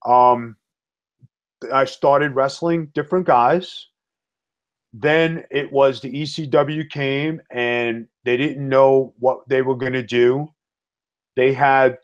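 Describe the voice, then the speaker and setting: A middle-aged man telling wrestling-career stories in a blunt, tough-talking, animated way, as a podcast guest. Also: a little high. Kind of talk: storytelling in casual chat. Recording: slightly dull lo-fi audio.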